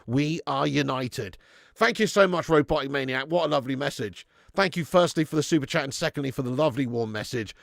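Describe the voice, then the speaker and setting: Sweary gravelly-voiced football fan host. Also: male voice, medium pitch, brisk, dry recording, clean studio sound. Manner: sweary, animated, reads viewer messages aloud. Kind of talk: live football watch-along chat.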